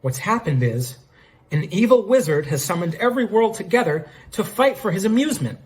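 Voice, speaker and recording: A man's voice: a little high, big pitch swings, moderate pace, a little mellow, voice pushed up. A man voicing an earnest young male defense lawyer who makes theatrical deductions. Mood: grandiose.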